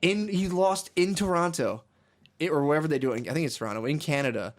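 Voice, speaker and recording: A man's voice: on the high side, fast. A man co-hosting a comedy podcast, rambling in casual profane chat, laughing often and slipping into mocking impressions. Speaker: podcast co-host.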